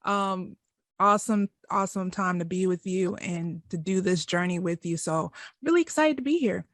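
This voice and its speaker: A woman's voice: on the low side, normal speed, no echo, clean studio sound. A woman co-hosting a church podcast, introducing herself in bubbly, upbeat casual chat. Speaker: co-host, communications director.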